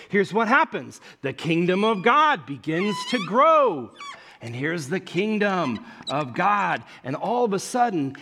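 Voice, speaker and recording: Male pastor, high husky voice, lively chatty sermon delivery. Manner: animated, conversational preaching with asides.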